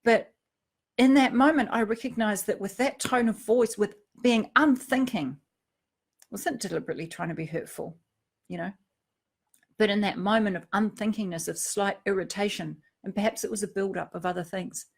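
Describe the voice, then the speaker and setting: A middle-aged woman giving a reflective personal talk, earnest, dropping to a hush and then rising to emphasis. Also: mid-range voice, normal speed, vocal fry, breathy edge. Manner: earnest, swings from hushed to emphatic. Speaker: speaker on emotional triggers.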